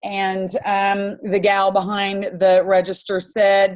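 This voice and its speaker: A woman's voice: mid-range voice, monotone, takes it slowly, hardly any pauses, a little mellow. A woman in her forties hosting a business team video call, telling a story in a chatty, enthusiastic, rambling way with plenty of fillers.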